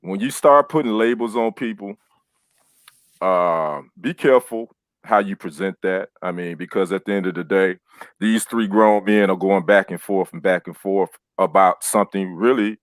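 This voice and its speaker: A laid-back man with a low voice sharing a reflective thought on a casual panel show. The sound is close and dry. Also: moderate pace, dry recording. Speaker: co-host.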